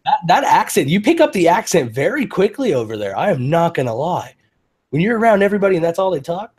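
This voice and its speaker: A man's voice: high-pitched, big pitch swings, quick pace, a little mellow, slightly rough. A man hosting a casual chat, rambling and profane, often restarting his sentences. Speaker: host.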